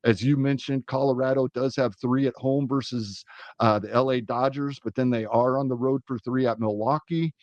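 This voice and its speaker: A man from the US Midwest, co-hosting a sports podcast and walking through schedules in a steady, methodical way. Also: mid-range voice, moderate pace, no echo. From US Midwest, Iowa-Nebraska border. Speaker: podcast co-host. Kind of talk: fantasy baseball podcast chat.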